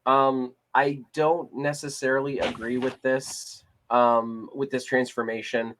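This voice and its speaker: A man's voice: medium pitch, level tone, unhurried, a bit bright, slight background noise. A man co-hosting a casual discussion podcast, talking in a rambling way with many restarts and fillers. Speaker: podcast co-host. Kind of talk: casual chat.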